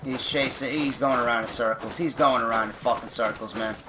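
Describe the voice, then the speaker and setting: A young man giving let's play commentary, ranting angrily and profanely, swinging between muttering and shouting. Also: mid-range voice, steady tone, brisk, noisy background. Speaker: gamer.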